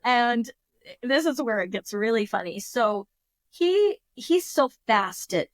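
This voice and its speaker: Animated high-voiced woman telling a story. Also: takes it slowly, dry recording. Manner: animated, emotional, frequent restarts. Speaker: podcast guest. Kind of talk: casual storytelling.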